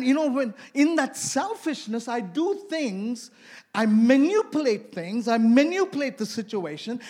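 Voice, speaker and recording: High-voiced preacher telling stories. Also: male voice. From India. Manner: storytelling, questioning the congregation. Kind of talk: sermon.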